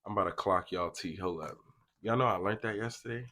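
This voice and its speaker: A man's voice: fairly low pitch, fairly quick, pushed and bright, a little hiss or hum. A young man giving a casual pick-a-card tarot reading, chatty and slangy, talking straight to his viewers. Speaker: tarot reader.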